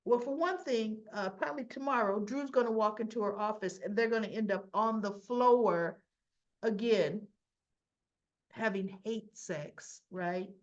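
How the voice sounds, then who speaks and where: A woman giving a casual, chatty recap of a soap episode, addressing her viewers directly in an animated, gossipy way. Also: medium pitch, a little slow, highs cut off. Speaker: soap opera recap vlogger.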